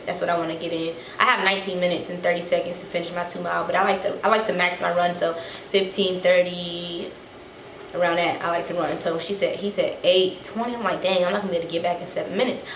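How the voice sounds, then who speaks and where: A young woman telling a casual story to her vlog viewers, animated and a little out of breath, acting out the quotes. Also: lowish voice, fast talker. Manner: animated, acts out quotes, swears freely. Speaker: vlogger. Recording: echoey room, faint noise.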